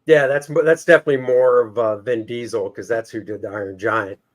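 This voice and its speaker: A man's voice: mid-range voice, fairly even intonation, brisk. A man hosting a casual interview show, easygoing, asking questions and reading out viewer comments. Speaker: show host.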